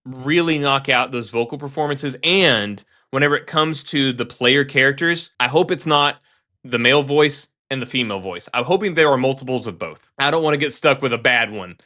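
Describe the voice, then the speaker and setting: A man co-hosting a casual game talk show, animated and opinionated, often restarting his sentences. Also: medium pitch, normal speed. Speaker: game podcast co-host. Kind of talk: casual chat.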